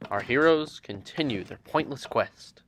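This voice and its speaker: A man narrating a video game adventure in a deliberate, deadpan monotone narrator voice. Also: mid-range voice, slight background noise. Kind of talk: comic gameplay narration.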